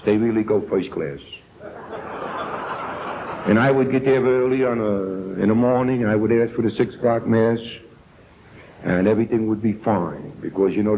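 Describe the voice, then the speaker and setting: A man's voice: fairly low pitch, background noise. An older man with a New York accent, telling his own story earnestly to a recovery meeting and acting out the people he quotes. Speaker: AA speaker. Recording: tinny old tape recording.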